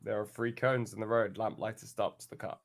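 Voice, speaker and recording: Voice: medium pitch, steady tone, a little fast, vocal fry. A game master narrating a tabletop game in loose, giggly description.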